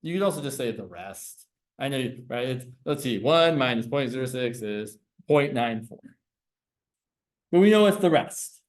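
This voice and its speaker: Male teacher, classroom lecture, medium pitch, explanatory, self-correcting. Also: animated, normal speed.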